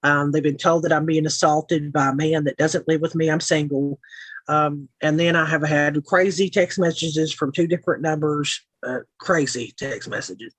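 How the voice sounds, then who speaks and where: A woman's voice: deep voice, level tone, moderate pace, no echo, low-quality recording. A woman from Middle Tennessee with a Tennessee accent, hosting a casual livestream chat in a frank, sarcastic way, from her home. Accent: Tennessee Southern. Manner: frank, sarcastic, chatty with frequent asides. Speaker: livestream host.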